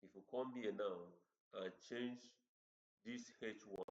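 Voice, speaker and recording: Halting man teaching code. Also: fairly low pitch, fairly even intonation, a little mellow, a little hiss or hum. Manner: halting, repeats words while explaining. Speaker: coding instructor. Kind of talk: screen-share coding tutorial. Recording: roomy, dull lo-fi recording.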